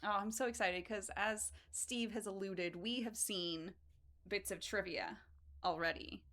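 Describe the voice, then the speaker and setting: A woman's voice: mid-range voice, measured pace, sharp tone. Bubbly woman hosting a charity stream. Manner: bubbly, playful, giggly. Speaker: charity speedrun marathon host. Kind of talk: casual chat.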